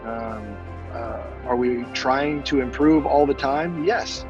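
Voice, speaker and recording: A veteran man in a casual interview, speaking earnestly and haltingly with many fillers and repeated words. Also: medium pitch, muffled recording, over music. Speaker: military veteran guest.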